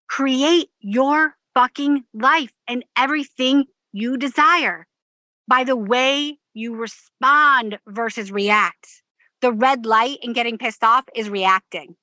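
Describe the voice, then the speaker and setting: A woman's voice: a little high, sharp tone, no echo. A middle-aged woman hosting a motivational talk, emphatic and freely swearing, repeating her key points. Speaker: podcast host, life coach. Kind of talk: motivational monologue.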